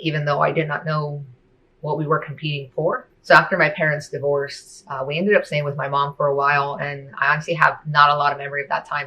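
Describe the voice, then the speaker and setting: A woman telling her personal testimony in a soft, hesitant way, with many fillers. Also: deep voice, rough recording.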